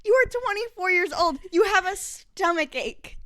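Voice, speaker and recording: Young woman cohost, high voice, dry close mic, playful teasing chat. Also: lively intonation, moderate pace, a bit bright, no room sound. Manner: playful, mimics baby talk with mock disgust. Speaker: podcast co-host. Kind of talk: casual chat.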